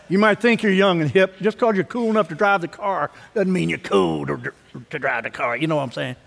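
A man in his fifties, a pastor preaching a sermon in a conversational way, dropping to low asides and rising for emphasis. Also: brisk, gravelly, fairly bright tone. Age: 50s. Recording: long hall reverb.

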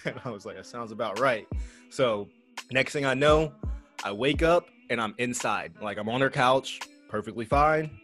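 A young man with a medium voice tells a rowdy party story on a casual podcast. He talks loosely, swears freely and laughs at his own mishaps. Soft music plays faintly in the background. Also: mid-range voice, normal speed. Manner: animated, profane, laughing through a party story. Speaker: podcast co-host.

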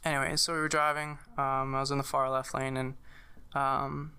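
A young man telling a personal story in casual conversation, halting, with many fillers and restarts. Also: mid-range voice, little pitch movement, pushed and bright, clean tone. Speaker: guest sharing a personal story.

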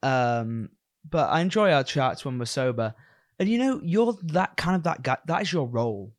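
A man's voice: mid-range voice, sing-song, moderate pace. A man from England hosting a podcast, talking in a chatty, loose, rambling way and swearing freely. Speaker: podcast host. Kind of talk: casual chat.

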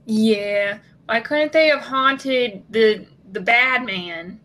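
A woman co-hosting a podcast in relaxed conversation, delivering jokes slowly and deadpan. Her voice is bright and somewhat high. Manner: slow, deadpan, jokey bravado. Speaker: podcast co-host. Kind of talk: casual chat.

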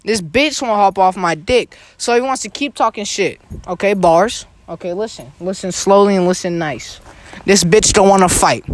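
A man's voice: high-pitched, moderate pace, hardly any pauses. A teenage boy ranting profanely in a casual podcast chat with friends. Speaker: podcast host.

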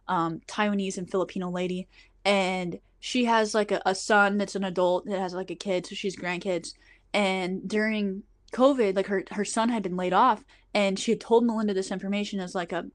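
A young adult woman telling a story on a podcast in a casual, profane way, saying "like" often. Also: medium pitch. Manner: chatty, profane, heavy use of "like". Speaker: podcast host.

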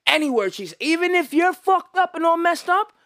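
A man's voice: very high voice, lively intonation, normal speed, sharp tone, no room sound, clean studio sound. A man co-hosting a casual podcast chat, brash and joking, acting out little scenes as he talks. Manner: brash, joking, acts out scenes in put-on voices. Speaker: podcast co-host.

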